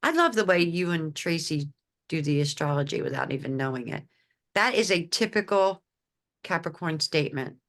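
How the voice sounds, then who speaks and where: A woman hosts a relaxed podcast conversation in a somewhat low voice. She talks freely and often pauses to hunt for the right word. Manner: chatty, searching for words mid-sentence. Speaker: podcast host. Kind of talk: casual chat.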